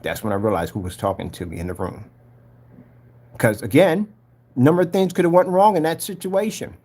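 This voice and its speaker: A vlogger gives a casual spoken testimony about his life, earnest and preachy, acting out other people's voices as he retells events. His medium-pitched, slightly mellow voice stays steady in tone and moves at a brisk clip.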